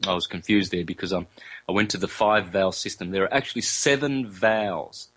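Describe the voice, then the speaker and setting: A man, a guest in an interview, explaining at length in a loose conversational way, often repeating himself and sounding out vowels slowly. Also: lowish voice, fairly bright tone, rough recording. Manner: loose, conversational, with fillers and self-corrections.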